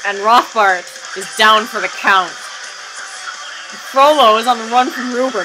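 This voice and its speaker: A woman giving casual, wry comedic commentary on a fan video, chatty and prone to excited outbursts. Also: a little high, unhurried, pauses often, poor audio. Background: music from the video playing underneath.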